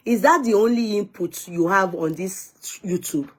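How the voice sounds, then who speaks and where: A woman's voice: medium pitch, moderate pace, hardly any pauses. A Nigerian woman vlogger chatting casually to her viewers, answering commenters and slipping in Yoruba phrases.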